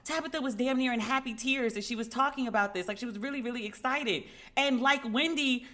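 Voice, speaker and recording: Bright, animated woman podcast host. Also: on the high side, a little fast. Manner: animated storytelling, acting out quoted dialogue. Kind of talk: casual commentary.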